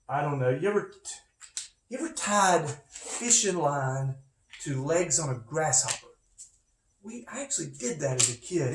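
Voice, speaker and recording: A man teaching physics from home, talking casually and rambling into asides. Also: a little high. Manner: rambling, chatty, with many asides. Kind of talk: casual recorded lecture. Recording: echoey room, faint noise.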